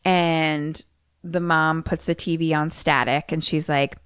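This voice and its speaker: A woman co-hosting a podcast, recapping a film in an animated, chatty way full of "like". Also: deep voice, unhurried, smooth, no room sound, studio quality. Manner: chatty, animated retelling with lots of "like". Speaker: podcast co-host. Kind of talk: casual movie recap chat.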